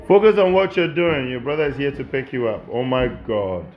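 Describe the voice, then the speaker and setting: A man, a childcare educator gently encouraging and instructing children as they cook. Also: mid-range voice, sing-song, normal speed, over music. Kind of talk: instructing children while cooking.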